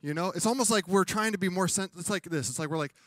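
A man's voice: high voice, fast talker, a bit bright, dry recording. Conversational preacher man, light dry voice. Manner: conversational preaching with comic acted-out quotes. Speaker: pastor. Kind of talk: sermon. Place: church.

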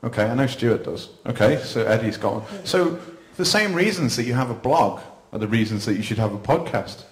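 A man's voice: mid-range voice, lively intonation, brisk. A man speaking to a live audience at an event, chatty and self-deprecating, with frequent laughs. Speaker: panel speaker. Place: event venue, indoors. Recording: echoey room.

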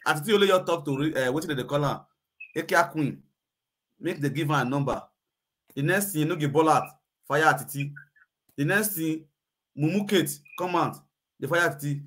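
A man's voice: a little high, a little fast, long pauses, a bit bright, breathy edge. A man with a Nigerian Pidgin accent hosting a live video chat, ranting emphatically and repeating himself. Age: adult.

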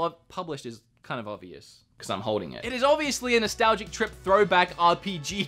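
A man's voice: high voice, sharp tone. A young man hosting a casual vlog, chatty and enthusiastic, laughing often as he talks. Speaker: YouTube game collector host.

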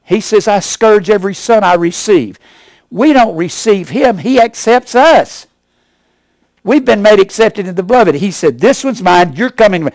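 Older man preaching, dry and lively. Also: measured pace, dry recording. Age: 70s. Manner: emphatic preaching, rising to loud punches then dropping low. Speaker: pastor. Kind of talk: sermon.

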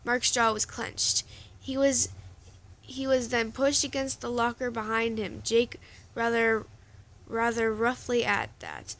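A woman's voice: a little high, fairly even intonation, slow pace, fairly bright tone. A woman reading a story aloud in a casual, stumbling way, correcting herself as she goes. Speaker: story reader.

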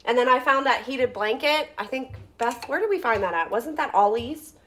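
A woman's voice: fairly high pitch, expressive, moderate pace, fairly bright tone. A woman in her thirties chatting casually to her viewers while cooking at home, laughing often and breaking off to talk to her kids. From Pennsylvania, US. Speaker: vlogger. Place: home kitchen.

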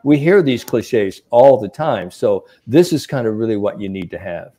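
A man's voice: on the low side, moderate pace. A man who is a sports psychologist, giving mental coaching advice in a podcast chat and acting out the people he quotes. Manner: animated storyteller, acts out quotes.

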